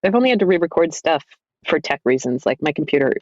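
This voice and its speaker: A man's voice: on the high side, very animated, fast talker, darkish tone, no room sound, dull audio. A man who narrates audiobooks, chatting casually on a panel with wry, self-mocking humor.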